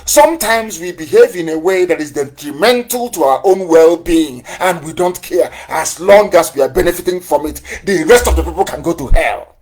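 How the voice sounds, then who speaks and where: A man's voice: a little high, moderate pace, darkish tone. A man giving a fiery live broadcast address as a movement leader, full of repetition and rhetorical questions. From southeastern Nigeria.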